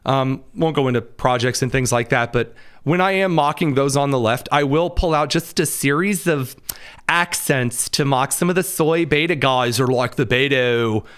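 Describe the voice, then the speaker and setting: A man from the American Midwest hosting a podcast, talking in a casual, animated commentary style with sarcastic asides and frequent fillers. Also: mid-range voice, normal speed, clean tone. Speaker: podcast host.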